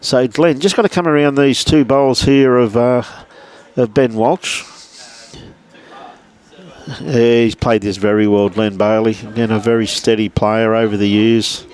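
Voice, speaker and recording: Chatty Australian bowls commentator. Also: male voice, medium pitch, fairly even intonation, unhurried, a little mellow, clear, resonant tone. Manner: chatty, greets viewers by name between shots. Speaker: lawn bowls livestream commentator. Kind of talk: casual live sports commentary.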